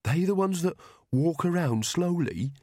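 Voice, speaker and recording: A man's voice: on the high side, lively intonation, a little slow, darkish tone, dry recording, studio quality, pitched above the performer's own voice. Man doing a timid old falconer. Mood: vague. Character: timid old male falconer, simple and dull.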